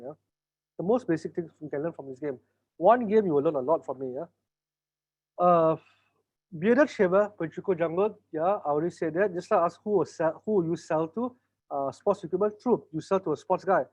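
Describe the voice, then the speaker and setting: A man's voice: a little high, fairly quick, a little mellow, rough recording. A man with a Malaysian English accent teaching an online business workshop, teasing his class and acting out sales dialogues. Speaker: business trainer. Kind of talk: online workshop lecture with role-play.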